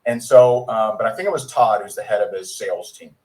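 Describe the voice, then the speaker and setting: A man giving a sales training talk, rambling and clearing his throat often. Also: fairly low pitch, fairly quick, darkish tone, rough recording.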